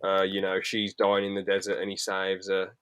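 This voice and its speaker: A man's voice: sits low, monotone, normal speed, fairly bright tone, clear, resonant tone, dry recording. A man co-hosting a podcast in casual chat, rambling with sweary, jokey asides. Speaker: podcast co-host.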